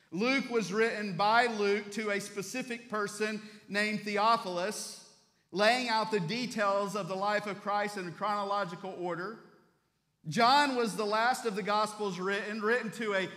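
A male pastor delivers a Sunday sermon in a church. His voice sits high and sounds bright and forceful. The long reverb of the sanctuary trails behind each phrase as he tells animated stories and doubles back on his words. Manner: animated storytelling preacher, repeats words as he restarts.

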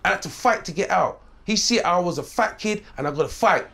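A middle-aged man from St Vincent a lilt, telling his life story in an interview in a lively, swearing way and acting out the voices he quotes. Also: sits high, fairly quick, gravelly. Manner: animated, streetwise, swearing, acts out quoted voices. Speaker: interview guest.

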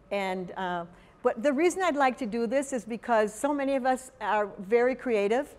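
A woman leads a teacher workshop in a big conference hall, and her voice rings with a long reverb tail. She talks at an ordinary middle pitch in a loose, conversational way, pausing on "um" and "uh" and tossing questions out to the room. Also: darkish tone. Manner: conversational, halting with frequent fillers, quizzes the audience. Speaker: workshop presenter for language teachers.

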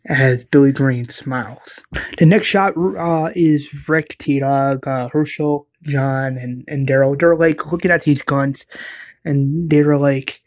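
A man's voice: a little high, steady tone, a little slow, dull audio. A man casually retelling an episode and voicing its characters, rambling with many fillers. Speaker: fan narrator retelling an episode.

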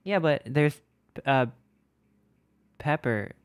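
A woman with a strikingly deep voice hosts a game stream. She chats casually and playfully, giggling and talking in quick bursts. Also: expressive. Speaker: streamer host.

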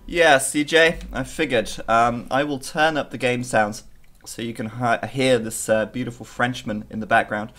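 Guy streaming a game, joking around with chat, mid pitch. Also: fairly even intonation, normal speed, fairly bright tone. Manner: jokey, chatty with viewers. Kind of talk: casual live-stream commentary.

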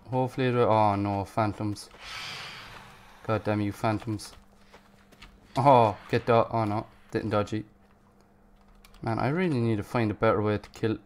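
A man giving casual gameplay commentary, panicking, swearing and yelling at enemies. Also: lowish voice, a little slow. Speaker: gaming YouTuber.

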